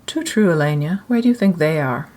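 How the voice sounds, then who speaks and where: A woman voicing a kind, patient nurse who murmurs softly and reassures a child in a storybook reading. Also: deep voice, animated, fairly quick. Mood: coaxing.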